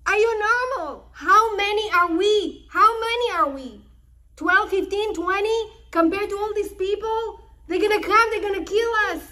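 A woman's voice: very high voice, moderate pace, pushed and bright, voice pushed up. A woman voicing an alarmed old father who scolds his sons with frantic repeated questions.

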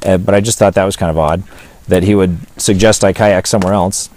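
A man's voice: sits low, fairly even intonation, a little fast, darkish tone. A man with a Pacific Northwest American accent telling a story in an interview, rambling and hesitant, with many fillers and restarts. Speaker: pastor and witness.

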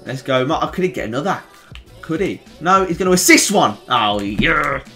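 A young man with a Birmingham accent giving excitable, chatty play-by-play commentary on a football video game, groaning and shouting at near misses. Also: fairly high pitch, moderate pace, faint music behind. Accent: Birmingham English. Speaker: gaming YouTuber.

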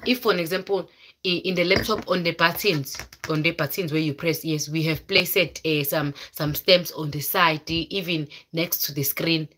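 Husky woman storytelling. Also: fairly low pitch, fairly bright tone. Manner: dramatic, exclaiming, mixes in local words. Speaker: live-stream vlogger. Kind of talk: casual storytelling chat with viewers.

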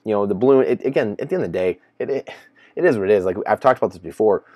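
Rambling, incredulous low-voiced man. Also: lively intonation, rapid-fire, a little mellow, dry recording, muffled recording. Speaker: finance commentator. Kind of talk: casual solo commentary.

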